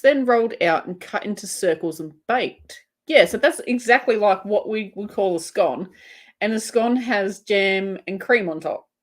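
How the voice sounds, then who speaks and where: An Australian woman hosting a casual livestream, giggling often and chatting as she reads viewer comments aloud. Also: mid-range voice. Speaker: crochet livestream host. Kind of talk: casual live-chat banter.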